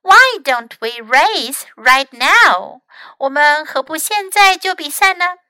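A woman voicing a spirited young girl in a storybook, bold and lively. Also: sits high, slow pace, no room sound, pitched above the performer's own voice, full character voice.

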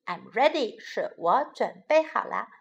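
A woman reads a children's story aloud in a gentle, teacherly way, her voice high and very lively. She speaks slowly and carefully, as if to small children, and stops to teach simple English words. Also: vocal fry, slightly rough, lo-fi sound. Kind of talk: bilingual children's story narration.

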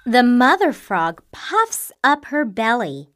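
A woman narrating a children's storybook in a slow, clear, expressive reading style. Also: on the high side, soft background music.

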